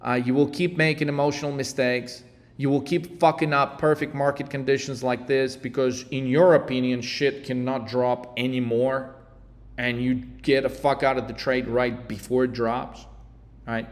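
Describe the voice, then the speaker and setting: A man's voice: medium pitch, level tone, normal speed. A man coaching traders in a blunt, heated, profane rant. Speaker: trading coach. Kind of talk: ranting monologue. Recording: echoey reverberant room.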